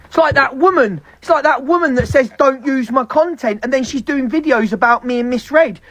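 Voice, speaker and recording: A woman's voice: high voice, a bit bright. A woman on a live stream, venting in a heated, profane rant. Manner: heavy swearing, fast heated ranting.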